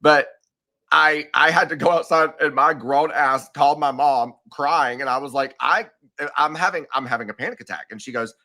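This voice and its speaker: Bright-voiced man telling a rambling story. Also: fairly high pitch, moderate pace. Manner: rambling, animated storytelling with many fillers and restarts. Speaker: podcast guest. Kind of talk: casual chat.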